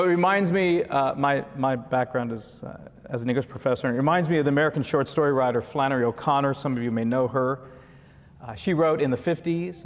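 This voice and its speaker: Man preaching in an echoing hall. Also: mid-range voice. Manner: conversational, with frequent asides and chuckles. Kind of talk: sermon. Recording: long reverb of a large hall.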